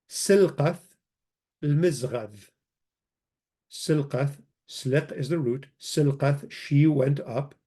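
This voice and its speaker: A man's voice: fairly high pitch, a little mellow, slightly rough. A man giving an informal grammar lesson, reading from a textbook, thinking aloud and correcting himself as he goes. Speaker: language teacher.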